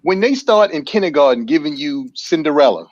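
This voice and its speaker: A man as a guest on a morning talk show, speaking in an earnest, measured way. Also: fairly high pitch, animated, a little hiss or hum. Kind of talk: casual talk show discussion. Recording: dull lo-fi dry sound.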